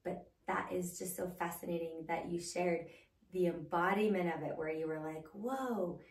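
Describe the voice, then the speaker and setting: A woman's voice: on the low side, flat delivery, moderate pace. A woman hosting a podcast, asking open questions and affirming her guest in a casual conversation. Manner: affirming, asks open questions, frequent "mm-hmm". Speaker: podcast host. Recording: roomy, slightly distant mic.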